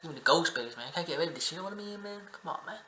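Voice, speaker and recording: A man's voice: a little high, racing, echoey room, very noisy. Foul-mouthed man heckling a video. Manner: profane, excitable, talks back at the screen. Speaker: reaction video host. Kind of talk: casual reaction commentary. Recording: music playing under the voice.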